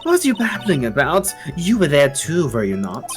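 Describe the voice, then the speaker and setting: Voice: mid-range voice, wildly swooping pitch, moderate pace, soft background music. A streamer voicing a haughty young female prosecutor, scornful and demanding.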